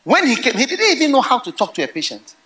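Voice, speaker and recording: A middle-aged man preaching a sermon, telling stories with animated swings into loud, laughing outbursts. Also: very high voice, quick pace. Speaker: pastor.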